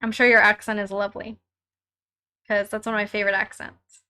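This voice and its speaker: A woman's voice: mid-range voice, little pitch movement, brisk, bright, forceful tone, smooth. A young woman hosting a casual live stream from home while crafting, chatting with viewers and reading their comments aloud in a bubbly way, laughing often.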